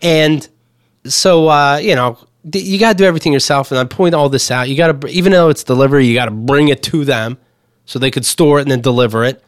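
A man's voice: medium pitch, fast talker, no room sound, studio quality. A man hosting a podcast, telling a profane, ranting story in casual comedic chat. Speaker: podcast host.

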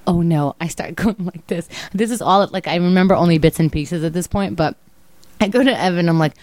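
A young woman with a somewhat low voice tells a story on a podcast, animated and chatty. She acts out her own lines as she goes. The sound is dry and close. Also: fairly quick, dry recording. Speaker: podcast host. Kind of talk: casual storytelling chat.

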